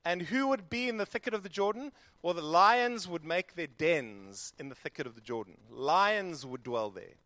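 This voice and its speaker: High-voiced man preaching a sermon. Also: moderate pace, hardly any pauses, dry recording. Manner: animated preaching, acting out quoted prayers. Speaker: pastor. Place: church.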